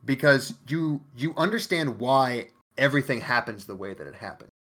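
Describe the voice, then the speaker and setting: A man's voice: mid-range voice, lively intonation, moderate pace, a bit bright. A man co-hosting a podcast, casually recapping an anime in a profane, emphatic way. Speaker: podcast co-host.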